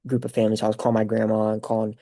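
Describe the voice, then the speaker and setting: A young man with a fairly low voice fires off a personal story on his podcast at rapid speed. He rambles casually and animatedly, leaning hard on fillers as he goes.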